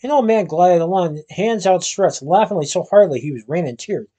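A man reading a storybook aloud, with steady narration and the odd stumble. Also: sits high, fairly quick. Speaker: reader.

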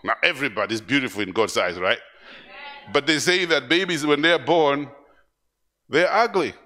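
A man preaching a live church sermon, animated, repeating words and acting out voices as he goes. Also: medium pitch, moderate pace. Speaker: pastor. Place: church service.

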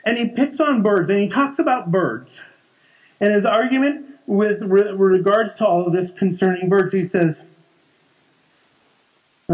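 A man's voice: high voice, a little slow, pauses often, highs cut off. A man in his forties preaching a conversational sermon in a church, often repeating words and restarting sentences. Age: 40s. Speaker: pastor.

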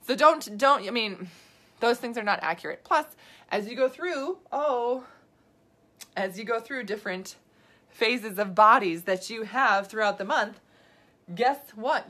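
A female nutrition coach with a voice on the high side speaks unhurriedly during a live video, answering viewer questions. She's animated, gesturing a lot, and chatty, with frequent asides and laughter.

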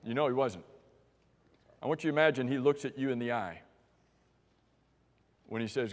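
A man's voice: medium pitch, moderate pace, pauses often. An American man preaching a sermon in a church, talking conversationally and asking the congregation questions. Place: church sanctuary. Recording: church live stream with long hall reverb.

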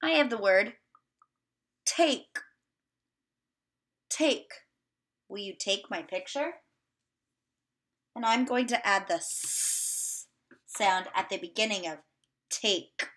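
A woman teacher giving a remote video lesson to young children, sounding out words slowly and encouraging them. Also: mid-range voice, expressive, fairly bright tone.

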